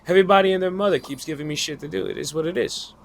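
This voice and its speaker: A man's voice: high-pitched, rapid-fire, creaky, slight background noise. A man, new at his office job, venting in a rambling, frustrated way, swearing often and restarting his sentences. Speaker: new data entry worker. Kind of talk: casual venting monologue.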